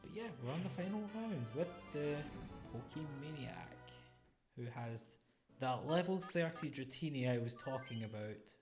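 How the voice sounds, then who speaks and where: A man casually commenting on his own game playthrough, chatty and thinking out loud about each move. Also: medium pitch, animated, normal speed. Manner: chatty, thinks aloud over choices. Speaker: gaming channel host. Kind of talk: casual let's-play commentary. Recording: game music underneath. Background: game music.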